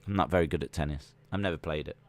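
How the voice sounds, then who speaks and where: A man's voice: very deep voice, racing, dry recording. A man hosting a casual watch-along livestream, rambling and full of "like" and restarts. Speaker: livestream host.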